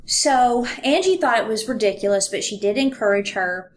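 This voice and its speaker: A woman's voice: a little high, expressive, normal speed, a little hiss or hum. A woman co-hosting a podcast, casually retelling a true-crime story and reading passages aloud with ums and fillers. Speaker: podcast co-host.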